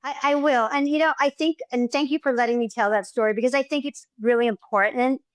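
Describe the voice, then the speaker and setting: A middle-aged woman, a podcast guest, chatting casually and telling stories with lively enthusiasm. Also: high voice, quick pace, no echo. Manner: effusive, animated storyteller. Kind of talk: casual interview chat.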